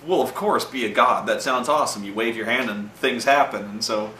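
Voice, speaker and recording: Bright-voiced man rambling in a roomy space. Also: medium pitch, a little fast, a little hiss or hum. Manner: rambling, profane, acts out quoted lines. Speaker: host telling gaming stories. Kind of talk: casual storytelling monologue. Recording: roomy echo from a distant mic.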